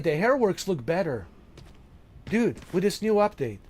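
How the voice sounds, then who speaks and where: A man's voice: high-pitched, very animated, a little slow, darkish tone. A man streaming a video game, chatting casually and joking with his viewers, laughing often. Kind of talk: casual live-stream commentary.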